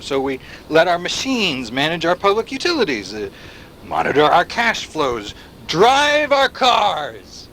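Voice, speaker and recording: Mace, a paranoid, impassioned activist. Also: male voice, mid-range voice, fairly bright tone, slight background noise. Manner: impassioned, rhetorical questions to the listener. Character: paranoid male anti-surveillance activist, intense and conspiratorial. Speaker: game character. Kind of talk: video game voice acting.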